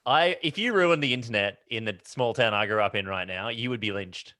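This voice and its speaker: A man's voice: fairly low pitch, fairly quick, sharp tone, no echo, studio quality. A man joking on a comedy podcast, rambling into wild scenarios.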